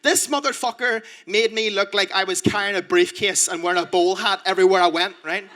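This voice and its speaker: A man telling animated, profane anecdotes in casual talk. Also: high-pitched, fairly quick. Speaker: comedian. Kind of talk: casual storytelling.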